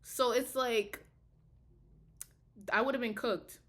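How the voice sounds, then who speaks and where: A woman's voice: on the high side, fairly even intonation, slow pace. A young woman, a college student, talking heatedly and profanely in a casual video diary. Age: young adult. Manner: heated, profane, emphatic ranting.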